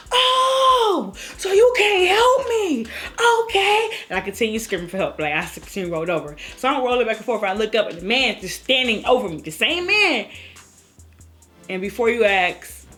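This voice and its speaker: A woman vlogger telling a personal story in a casual way, acting out her own cries and other people's lines. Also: medium pitch. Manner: animated, acts out her own cries and quotes.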